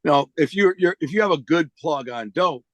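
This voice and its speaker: A man guest telling his story in casual street slang, animated and full of quoted dialogue. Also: a little high, fairly quick, no echo. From United States. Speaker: interview guest.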